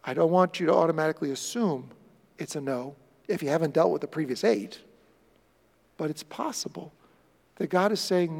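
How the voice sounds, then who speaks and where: A male pastor preaching a sermon, telling stories earnestly and swinging from loud bursts to quiet moments. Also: a little high, fairly quick, gravelly, big-room sound.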